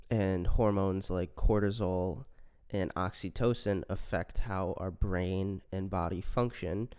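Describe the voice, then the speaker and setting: A man hosting a solo science podcast, stuffy from a cold, explaining in a relaxed, conversational way. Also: low voice, measured pace, clean tone. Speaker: podcast host.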